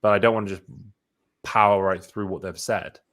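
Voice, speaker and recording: A man's voice: fairly low pitch, little pitch movement, moderate pace, a bit bright. A man, a sales expert, chatting casually in an interview, talking animatedly with many restarts.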